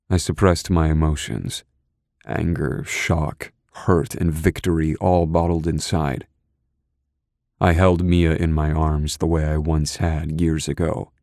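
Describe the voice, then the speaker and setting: A man's voice: extremely low pitch, level tone, takes it slowly, a little mellow, no room sound, clean studio sound. A man narrating an audiobook in the first person, brooding, intense and controlled.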